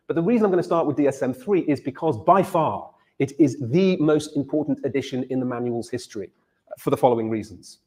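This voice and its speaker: A man's voice: mid-range voice, a little mellow. A male university lecturer giving a lecture and telling a story, repeating words as he starts his phrases.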